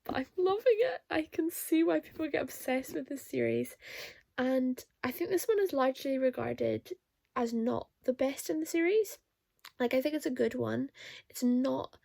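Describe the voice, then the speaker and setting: Brief: young woman, book vlogger, high voice with vocal fry, gushing reactions. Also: dark tone, no echo. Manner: emotional, exclamatory reactions. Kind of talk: casual reading vlog.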